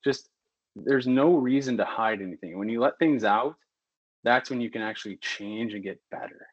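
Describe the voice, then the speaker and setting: A candid physician talking on a podcast, getting more and more heated and animated as he goes. His voice sits at an ordinary pitch for a man. The recording is dry and slightly muffled. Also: moderate pace, husky, no room sound. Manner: candid and animated, works himself into heated rants. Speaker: physician guest. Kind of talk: casual podcast conversation.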